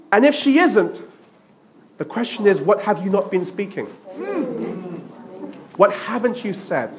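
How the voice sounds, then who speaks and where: A male pastor preaching a sermon, telling stories playfully and repeating himself often. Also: high voice.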